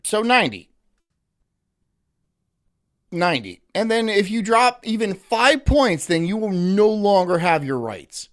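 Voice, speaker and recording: A man streaming live, talking in a loose, rambling way with a sardonic edge and frequent laughs at his own lines. His voice sits a little higher than most men's. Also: big pitch swings, a little slow, pauses often, fairly bright tone. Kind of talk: casual live-stream commentary.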